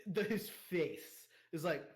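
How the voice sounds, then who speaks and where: A man's voice: a little high, slow pace. A young man narrating as game master, rambling with fillers and laughter.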